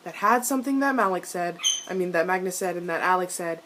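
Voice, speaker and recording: Excitable, foul-mouthed woman ranting over noise. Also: fairly low pitch, fast talker. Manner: excitable, swears often, shifts into exasperated rants. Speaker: video reviewer. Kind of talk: casual TV episode reaction.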